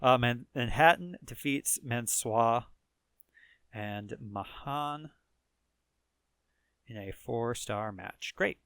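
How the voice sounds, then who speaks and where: Chicago accent guy doing a let's play, bright clean voice, lots of uhs and little laughs. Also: mid-range voice, takes it slowly, long pauses, clean tone, no room sound. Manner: rambling, filler-heavy recap with frequent chuckles. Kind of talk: casual game commentary.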